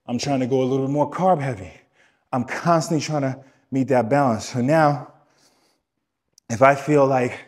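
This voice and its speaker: A man's voice: mid-range voice, darkish tone. A man talking as a wellness coach on a podcast, emphatic, repeating his key points and speaking straight to the listener. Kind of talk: podcast teaching talk.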